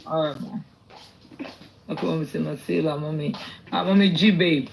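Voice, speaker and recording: A man's voice: a little high, a little fast, creaky, noisy background. A man with a Nigerian accent hosting a live audio chat, calling on speakers one by one. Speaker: host.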